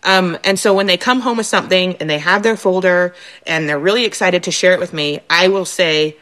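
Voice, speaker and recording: Animated woman sharing parenting stories. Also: on the low side, brisk, few pauses. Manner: animated storyteller, warm and enthusiastic. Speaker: guest mother. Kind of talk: casual radio talk.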